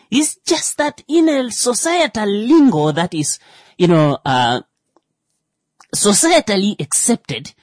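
A woman's voice: mid-range voice, very animated, slow, darkish tone, no echo. A woman talking in a rambling, casual monologue, full of fillers, who acts out little quoted exchanges.

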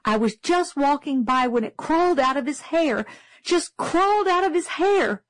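A woman's voice: medium pitch, expressive, takes it slowly, no room sound, rough recording. A woman voicing a flustered young schoolteacher in a storybook reading, prim and anxious. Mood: frantic.

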